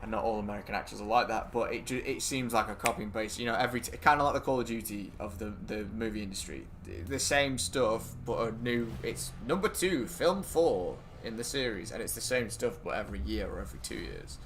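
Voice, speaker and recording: A man, a game streamer chatting casually and rambling excitably, swearing freely as he talks to friends while he plays. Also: on the low side, brisk, hardly any pauses, a little hiss or hum. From England. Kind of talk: casual chat while gaming.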